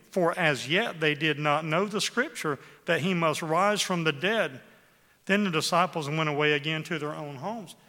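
A man preaching a sermon to a congregation in a church hall, reading scripture aloud with dramatic emphasis and slowing down on key words. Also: fairly high pitch, pushed and bright. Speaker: pastor. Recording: long hall reverb.

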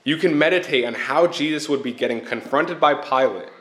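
A man's voice: mid-range voice, fairly quick, fairly bright tone, echoey room. A man giving an earnest short sermon to a congregation, often repeating himself and checking in with "right?". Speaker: church speaker.

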